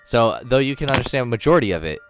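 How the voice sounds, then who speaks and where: A man's voice: medium pitch, big pitch swings, very fast, music in the background. A man running a tabletop game as dungeon master, rambling with lots of ums and self-corrections.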